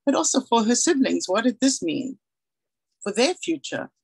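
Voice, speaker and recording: A woman's voice: on the high side, very animated, moderate pace, gravelly, a little mellow, breathy edge, dry recording, rough recording. A woman in her forties from South Africa, giving a candid, earnest personal talk as a guest speaker and acting out the dialogue she recalls.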